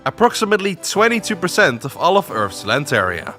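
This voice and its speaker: Bright, playful male history narrator. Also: on the high side, big pitch swings, a little fast, soft background music. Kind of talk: scripted narration for an animated history video.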